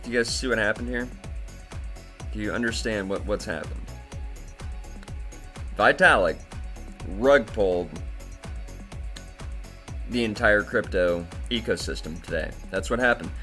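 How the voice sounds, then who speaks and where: Over soft background music, a man hosts a crypto commentary video as an angry rant, indignant and profane and repeating himself often. His voice is lowish and a bit bright, and he speaks unhurriedly with long pauses.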